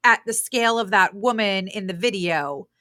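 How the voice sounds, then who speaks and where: A woman's voice: medium pitch, normal speed, pushed and bright, no room sound, studio quality. A woman guest-hosting a podcast in casual chat, rambling playfully through stories and asides.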